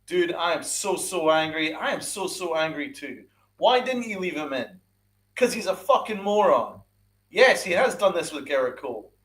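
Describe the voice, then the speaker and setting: Man angry sports podcast host, repeats and swears, big pitch swings. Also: lively intonation, moderate pace, a bit bright. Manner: ranting, repeats himself, swears, asks rhetorical questions. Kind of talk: angry sports rant with live chat.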